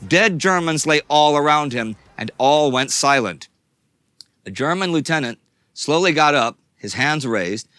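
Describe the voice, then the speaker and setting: Bright, tense dramatic male narrator. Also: fairly high pitch, lively intonation, unhurried, clear, resonant tone, no echo. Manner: dramatic storyteller, swings between tense and hushed. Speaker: history show narrator. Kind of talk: scripted documentary narration.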